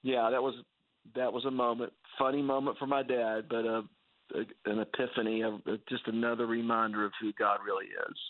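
A man's voice: medium pitch, little pitch movement, brisk, dry recording. Earnest man on a tinny line. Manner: earnest, full of fillers and restarts. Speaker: guest. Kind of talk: casual storytelling chat.

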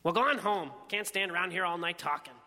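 A man voicing a gruff, brusque male auctioneer with hard-selling patter, in a story reading. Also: high-pitched, fast, sharp tone, in a large hall.

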